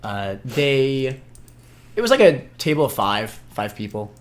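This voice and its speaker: Easygoing young man, mid-pitched. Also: sing-song, a little slow. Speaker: podcast co-host. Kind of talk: casual podcast chat.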